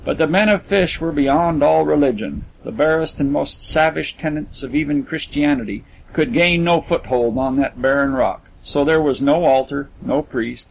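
A man narrating a literary story in a measured, descriptive way. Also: on the high side, gravelly, slightly rough, poor audio. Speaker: audiobook narrator.

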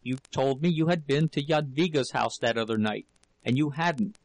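A man's voice: medium pitch, dry recording, natural voice, low-quality recording. Jurgis, a man reading a hard, suspicious husband. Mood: hard, accusing. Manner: slow, hard, clipped.

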